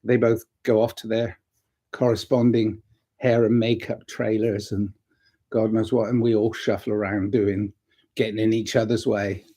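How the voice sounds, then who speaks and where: Man vlogger, mellow warm tone, loose rambling monologue with reflective asides. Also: on the low side, little pitch movement, moderate pace. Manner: rambling and reflective, retells stories and gives gentle advice. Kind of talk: casual talking-to-camera monologue.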